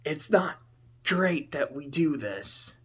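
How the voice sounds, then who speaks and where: A man talking casually about a story, animated and swearing, swinging between loud outbursts and low muttering. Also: slow, breathy edge. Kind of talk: casual spoken commentary.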